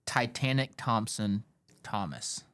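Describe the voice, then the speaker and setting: A man's voice: lowish voice, expressive, takes it slowly, fairly bright tone, no room sound. A man, a producer, chiming in from off-mic as he reads aloud from a screen. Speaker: producer looking something up. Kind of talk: off-mic interjections.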